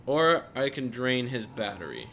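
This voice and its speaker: Bright-voiced man talking through a game. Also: big pitch swings, a little slow, slight background noise. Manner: emotional, thinking aloud, jumping to high exclaims. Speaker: let's play commentator. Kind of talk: gameplay commentary.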